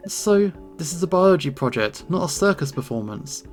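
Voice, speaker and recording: A man's voice: on the high side, very animated, moderate pace. A man voicing a strict, serious teenage girl who scolds in a prim, stern way, with faint game music behind.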